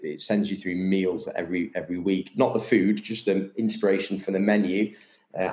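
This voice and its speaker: A man's voice: low-pitched, darkish tone. A man in casual conversation, candid and enthusiastic, swearing freely. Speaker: podcast guest, yoga business owner. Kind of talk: casual chat. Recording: roomy echo.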